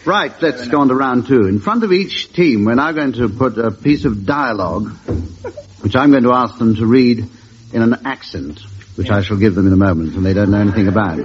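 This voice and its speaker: A man's voice: lowish voice, a little fast. A man hosting a comedy panel game as quizmaster, announcing rounds in a mock-formal way with chuckles. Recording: dull recording with studio audience.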